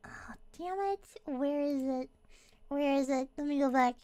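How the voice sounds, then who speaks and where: A woman's voice: high voice, measured pace, warm tone, dry recording. A woman streamer in casual chat, laughing and swearing while reading comments aloud into a close desk mic.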